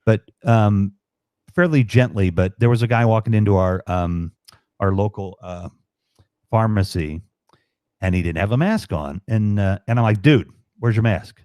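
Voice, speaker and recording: Give me a low-voiced, profane, rambling man. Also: moderate pace, a little mellow, clean tone, no room sound. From Chicago, USA. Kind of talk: casual chat on a live stream.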